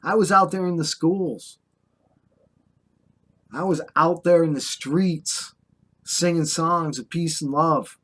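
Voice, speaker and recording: A man's voice: a little high, steady tone, slow, long pauses, fairly bright tone. An older American man delivering an impassioned, scolding monologue to the camera, drawling sarcastic asides. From United States. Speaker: vlogger. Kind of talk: ranting monologue.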